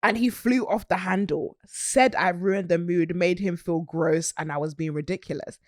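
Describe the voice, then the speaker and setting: A British woman hosting a casual podcast chat, animated and laughing often. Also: lowish voice, normal speed, no room sound, studio quality. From Britain. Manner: giggly, animated, bursts of laughter. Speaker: podcast host.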